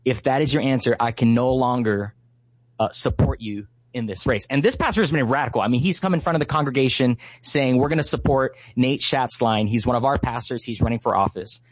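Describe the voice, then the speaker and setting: An earnest man in his thirties from Hawaii speaks as an interview guest, passionate and full of fillers as he tells his story. His voice sits at an ordinary pitch, and the recording is close and dry with no room sound. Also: fairly quick, dry recording. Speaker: guest, Christian activist.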